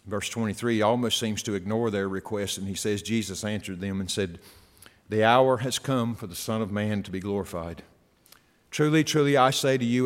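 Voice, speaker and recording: A man preaching a sermon, reading scripture aloud and building to loud, emphatic stretches. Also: on the low side. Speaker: pastor. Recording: long hall reverb.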